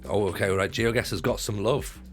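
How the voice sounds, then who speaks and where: A man's voice: fairly low pitch, moderate pace, soft background music. A man who used to do stand-up, chatting in a jokey way with viewers on his livestream, swearing freely and restarting his sentences. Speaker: livestreamer and former stand-up comic. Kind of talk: casual livestream chat with viewers.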